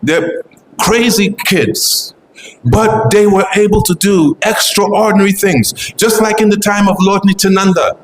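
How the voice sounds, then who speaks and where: A man preaches with fervent, earnest conviction, returning to the same phrases again and again as he builds his point. His voice sits a little high for a man. The sound rings through a reverberant space, with a faint wash of ambient noise behind him. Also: unhurried. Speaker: devotional speaker. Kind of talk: devotional memorial talk.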